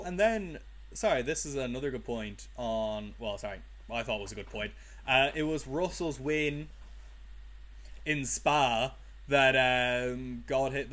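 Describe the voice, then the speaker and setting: A young man chats casually as a podcast co-host, working his points out as he goes. He fills pauses with ums and restarts. His voice sits at an ordinary middle pitch. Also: a bit bright. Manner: rambling, thinking aloud with ums. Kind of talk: casual chat.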